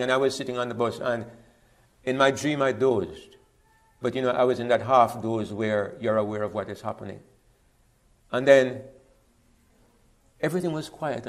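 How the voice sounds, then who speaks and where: A middle-aged man with a Jamaican accent, telling a personal faith testimony in a reflective way, often repeating words as he restarts. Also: mid-range voice. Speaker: speaker giving a testimony.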